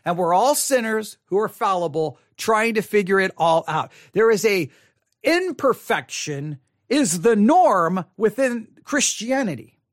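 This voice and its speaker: This pastor's high voice has a sing-song quality and a measured pace, recorded without any room sound. Addressing the camera earnestly from a studio, he reflects aloud and restarts many times.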